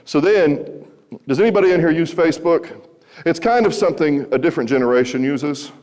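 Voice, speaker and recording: A man's voice: fairly high pitch, brisk, darkish tone. Man telling a story in a large hall. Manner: conversational, wry, asks the audience questions. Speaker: recovery speaker. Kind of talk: storytelling talk to a school audience. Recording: hall reverb.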